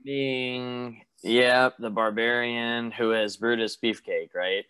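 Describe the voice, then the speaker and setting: Casting note: relaxed male co-host, mid-pitched, easygoing banter. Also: takes it slowly, a crowd in the background. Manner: laid-back, trailing sentences and agreeing often. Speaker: podcast co-host. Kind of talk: casual chat.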